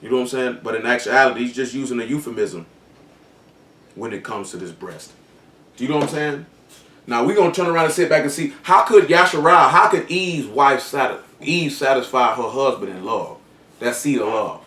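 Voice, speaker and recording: Echoey, distant preacher, raised voice. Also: male voice, medium pitch, fairly quick, sharp tone, a little hiss or hum. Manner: reads scripture aloud, then explains it in loose colloquial speech. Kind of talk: sermon.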